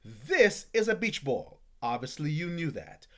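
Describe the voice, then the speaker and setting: A woman's voice: deep voice, big pitch swings, unhurried. A woman, a reading coach giving a parent tips lesson, upbeat and sounding out syllables with exaggerated emphasis.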